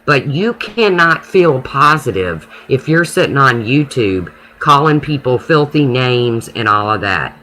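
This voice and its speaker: Bright-voiced man chatting on a livestream. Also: medium pitch, sing-song, measured pace, hardly any pauses, slight background noise, poor audio. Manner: talkative, answers viewers by name, emphatic and preachy. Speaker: YouTube live streamer answering chat. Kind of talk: casual live-stream chat.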